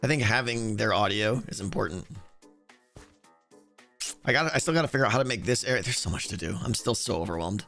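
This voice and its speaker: A man streaming a game, chatting casually with viewers and thinking aloud, with a hoarse voice and many restarts. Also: fairly low pitch, animated, quick pace, pauses often, a bit bright, faint music behind. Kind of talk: casual livestream chat answering viewers.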